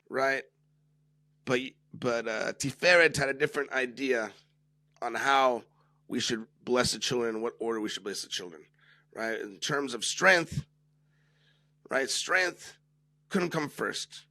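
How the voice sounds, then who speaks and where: Bright-voiced man giving an animated Torah lesson. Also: mid-range voice, unhurried, pauses often, no echo. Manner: keeps asking "right?" to check listeners follow; animated, acts out quoted speakers. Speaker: Torah teacher.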